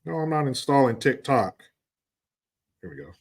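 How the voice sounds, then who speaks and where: A man's voice: medium pitch, very animated, moderate pace. A man giving a profane, rambling commentary rant on his vlog, blunt and sarcastic, with frequent restarts. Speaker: vlogger.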